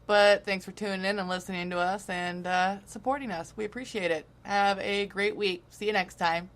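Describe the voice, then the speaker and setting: A woman's voice: medium pitch, steady tone, normal speed, fairly bright tone. A woman from Ohio co-hosting a podcast, chatting casually with a slight Southern drawl, laughing often and swearing freely. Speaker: podcast co-host. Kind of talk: casual chat.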